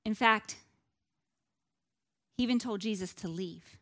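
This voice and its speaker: A woman giving a Bible lesson in an easygoing, conversational way. She talks informally, with frequent asides and checks with her listeners. Her voice sits at an ordinary middle pitch for a woman. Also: measured pace, fairly bright tone. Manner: chatty, with many "like" and "you know" asides. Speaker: Bible teacher.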